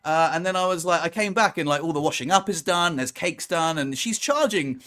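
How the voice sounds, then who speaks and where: A man's voice: fairly high pitch, brisk, a bit bright. A man chatting casually on a podcast, telling a story and acting out what people said. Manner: storytelling, acts out quoted lines. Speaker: co-host. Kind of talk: casual chat.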